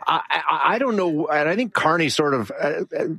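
A man speaking as a panelist in a political discussion, halting and exasperated, with frequent restarts. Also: a little high, expressive, gravelly, pushed and bright, breathy edge, no room sound. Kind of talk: casual political panel talk.

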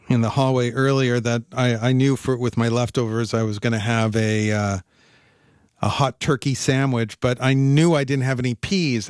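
A man's voice: mid-range voice, smooth, no echo, studio quality. A man co-hosting a radio show in casual, rambling chat. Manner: chatty, rambling, easygoing. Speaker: radio co-host.

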